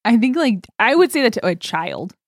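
A woman co-hosting a podcast, chatting casually and rambling through her thoughts with frequent giggles. Her pitch swings about lively. The sound is dry and close. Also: normal speed, no room sound. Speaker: podcast co-host. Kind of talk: casual chat.

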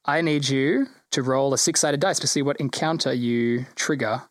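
A man's voice: medium pitch, moderate pace. Laid-back man running a tabletop game. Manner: easygoing, laughs often, says hell yeah. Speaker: dungeon master. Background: background music.

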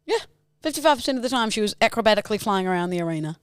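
A woman's voice: medium pitch, animated, racing, clear, resonant tone, dry recording, studio quality. A woman, a podcast co-host in casual, joking chat. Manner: joking and teasing.

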